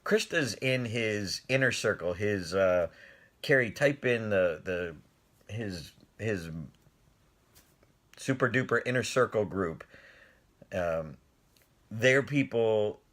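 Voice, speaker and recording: Middle-aged guy, fairly low voice, lively storytelling, keeps laughing, chats w viewers. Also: takes it slowly, pauses often. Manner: animated, laughs often, talks to viewers' comments. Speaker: speaker telling a story on a live stream. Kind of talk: casual storytelling.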